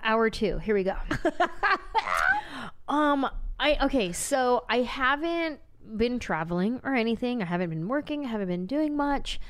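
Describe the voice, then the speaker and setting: A woman's voice: a little high, lively intonation, measured pace, clear, resonant tone. A woman comedian talking as a podcast guest, reflective and emotional, laughing easily and sometimes dropping to a near whisper. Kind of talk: casual podcast chat.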